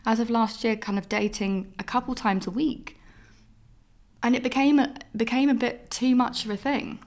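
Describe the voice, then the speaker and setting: A young woman hosting a casual solo podcast, talking candidly in a rambling way full of "like" from her flat. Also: a little high, normal speed. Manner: candid, rambling, heavy use of "like". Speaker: podcast host.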